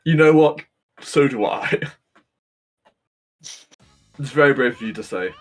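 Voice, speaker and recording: Brief: male live commentator, mid-pitched, playful banter, laughs a lot, faint music under. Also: unhurried. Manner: joking, chatty, laughs often. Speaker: speedrun commentator.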